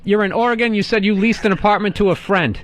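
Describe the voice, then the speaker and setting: A man's voice: high voice, fast talker, slight background noise. A man co-hosting a call-in radio show, teasing and sarcastic with callers. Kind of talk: casual call-in radio banter.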